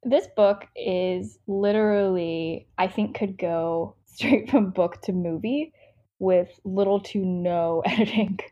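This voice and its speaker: A woman's voice: mid-range voice, slow, mellow. Rambling young American woman, dull sound. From United States. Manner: rambling, filler-heavy, self-interrupting. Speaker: book podcast co-host. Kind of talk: casual book review chat.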